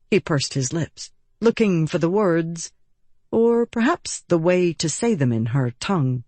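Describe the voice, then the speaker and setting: A woman reading an audiobook in calm, measured scripted narration. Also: deep voice, dry recording.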